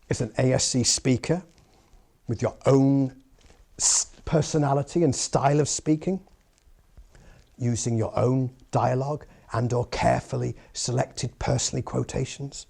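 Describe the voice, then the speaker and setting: A man giving an after-dinner comedy speech at a speakers' club, with a measured, pun-laden delivery. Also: medium pitch, creaky, warm tone, husky.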